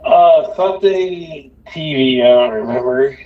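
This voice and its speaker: A man hosting a livestream in casual banter, talking slowly with lots of swearing and laughter. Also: fairly high pitch, muffled recording. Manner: slow, laughing, profane. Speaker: livestream host.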